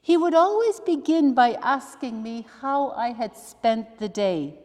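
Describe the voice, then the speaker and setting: Slow-speaking nun in a reverberant hall. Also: female voice, on the high side, expressive. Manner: slow, thoughtful, with soft asides like "huh?". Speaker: religious sister leading a study day. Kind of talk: reflective teaching talk with readings.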